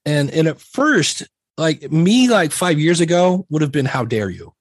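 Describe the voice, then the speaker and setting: A man's voice: fairly high pitch, expressive, measured pace, no room sound, clean studio sound. A middle-aged man talking casually on a podcast, candid and rambling, often acting out conversations he had. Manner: rambling, candid, self-deprecating, acts out quoted exchanges.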